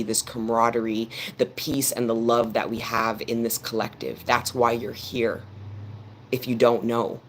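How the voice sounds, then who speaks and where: Man, tarot reader, earnest, preachy, repetitive phrasing, flat delivery, faint background hum. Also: medium pitch. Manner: earnest, preaching directly to his audience; repeats phrases for emphasis. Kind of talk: live tarot reading to viewers.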